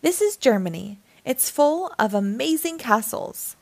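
A woman's voice: high voice, very animated, a little slow, vocal fry, no room sound, voice pushed up, full character voice. Woman reading as a cheerful old Santa. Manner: warm, smiling, gently explaining.

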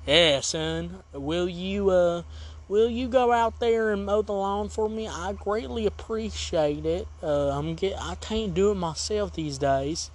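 Polite old grandpa, put on by a man, soft and halting, on the high side. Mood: pleading. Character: polite elderly grandpa asking for favors.

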